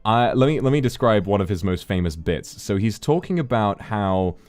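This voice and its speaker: A male streamer hosting a casual conversation. His low voice is easygoing and thoughtful, and he talks at a relaxed pace. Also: normal speed, no room sound. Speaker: streamer hosting a talk segment. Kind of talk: casual chat.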